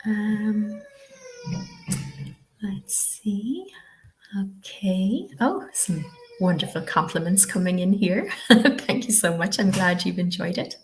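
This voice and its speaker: A woman from the west of Ireland speaks slowly in a mid-range voice with lively intonation and long pauses. She's presenting a live online teacher-training webinar, chatty and encouraging, often asking "okay?"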